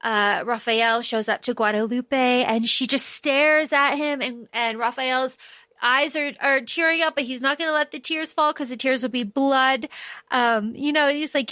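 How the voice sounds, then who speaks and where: Bright-voiced woman gushing over a book. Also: high-pitched, a little slow, no room sound. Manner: gushing, quotes characters in bursts. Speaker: podcast co-host. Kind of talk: casual book discussion chat.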